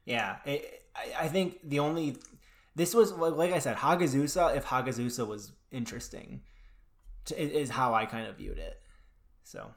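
A man's voice: medium pitch, animated, normal speed, gravelly. A man co-hosting a podcast, chatting casually and enthusiastically, often restarting his sentences. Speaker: podcast co-host. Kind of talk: casual podcast chat about horror movies.

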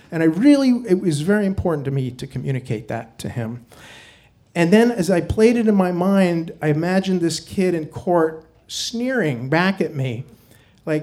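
A man telling a true personal story on stage, wry and animated, acting out the people he quotes. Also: a little high, moderate pace. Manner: wry, animated, quotes others in their voices.

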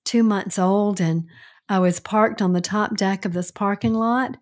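A woman's voice: medium pitch, steady tone, measured pace. A woman in her sixties co-hosting a casual podcast, telling stories and laughing often. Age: 60s. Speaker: podcast co-host. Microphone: remote call-in from another state.

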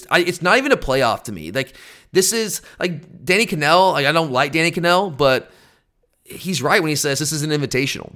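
Fired-up man ranting fast. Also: on the high side, lively intonation, pushed and bright. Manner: fired-up, exasperated, emphatic. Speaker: podcast host. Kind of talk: opinionated fan podcast rant.

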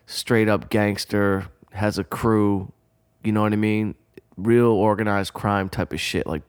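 A man from Detroit telling a rough personal story in a casual, profane way, acting out quoted lines as he goes. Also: on the low side. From Detroit, USA.

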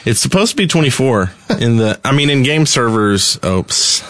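A man co-hosting a casual gaming podcast, relaxed and moving the talk between segments. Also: medium pitch, moderate pace, dry recording. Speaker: podcast co-host.

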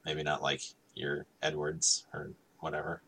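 A man's voice: a bass voice, monotone, unhurried, fairly bright tone, a little hiss or hum. A man chatting casually while playing a game, joking and filling his sentences with "like". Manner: joking, trails off and restarts with "like". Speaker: player. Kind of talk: casual chat over a game.

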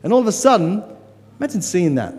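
A man delivering a guest sermon in a church, casual and emphatic, often pushing his voice high on key words. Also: sing-song, quick pace, darkish tone. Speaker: guest preacher. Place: church hall. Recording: long church-hall reverb, faint music.

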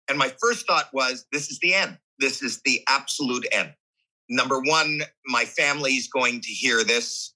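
Middle-aged male guest, husky and forceful, animated storyteller who acts out every quoted voice. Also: medium pitch, low-quality recording. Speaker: podcast guest. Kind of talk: candid storytelling.

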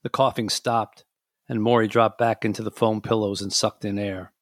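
A man reading a memoir aloud in a measured, reflective way. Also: fairly low pitch, little pitch movement, dry recording, clean studio sound. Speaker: audiobook reader and podcast host.

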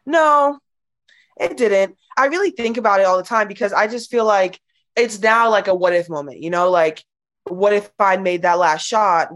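A young woman, a college basketball player, chatting casually as an interview guest with lots of "like". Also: medium pitch. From United States. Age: young adult. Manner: chatty, lots of "like", animated retelling.

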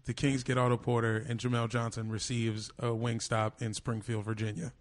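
A man's voice: medium pitch, little pitch movement, moderate pace. Blunt, joking man on a sports podcast. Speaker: podcast co-host. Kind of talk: casual sports chat.

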